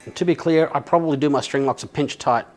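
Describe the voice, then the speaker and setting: A man's voice: a little high, quick pace. A man with an Australian accent chatting casually and rambling as he restrings a guitar, self-mocking and swearing now and then. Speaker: vlogger.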